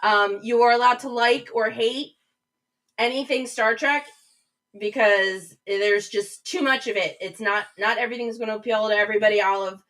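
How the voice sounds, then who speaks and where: A woman's voice: fairly high pitch, steady tone, normal speed, fairly bright tone, recorded from a distance, rough recording. A woman hosting a live stream, chatting casually and reading viewer comments aloud. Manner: chatty, reads chat comments aloud, rambling restarts. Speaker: livestream host. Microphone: webcam mic, a little back from screen.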